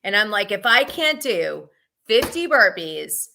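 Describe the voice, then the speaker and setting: Woman, gossip host, casual chat, bright voice, frank, laughs often. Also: mid-range voice, big pitch swings, a little slow, gravelly. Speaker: host of a gossip live stream. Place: home, Los Angeles area.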